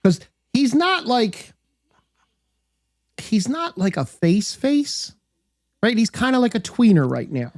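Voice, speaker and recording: A man's voice: very high-pitched, wildly swooping pitch, slow pace, long pauses, dry recording, studio quality. A man co-hosting a podcast, chatting easily about games and wrestling, thinking aloud with restarts. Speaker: podcast co-host. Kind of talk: casual wrestling chat.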